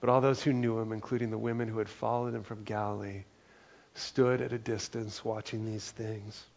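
Gravelly-voiced man preaching a sermon. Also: lowish voice, little pitch movement, normal speed, a little mellow, muffled recording. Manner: earnest and conversational, with many fillers like "like" and "right?". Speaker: pastor.

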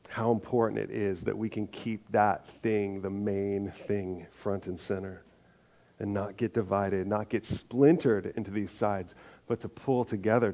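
A man preaching a sermon in a conversational way, slowing down for emphasis and adding lively asides. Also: on the low side, gravelly. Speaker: pastor. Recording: muffled live sermon audio.

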